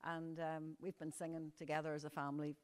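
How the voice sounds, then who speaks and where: A middle-aged woman, a singer in her family band, introducing herself in a hesitant, halting way. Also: low-pitched, flat delivery, clean tone.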